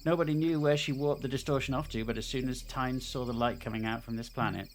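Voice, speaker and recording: A man's voice: medium pitch, fairly even intonation, fast talker, slight background noise. A man, a game developer, chatting casually on a stream and reading a game's story aloud with playful asides. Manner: rambling with fillers, playful asides. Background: game music.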